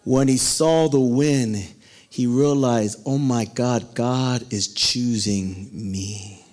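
A man of medium pitch and slightly mellow tone preaches slowly. In a dramatic manner, he acts out the lines he quotes and directs questions at those listening.

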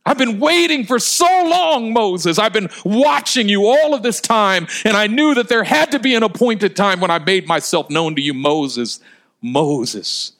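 A man preaching in the voice of God, calling out with deep longing. The voice rides a little high and pleads through repeated names, impassioned and tender. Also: animated, a little slow, a bit bright, full character voice. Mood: yearning.

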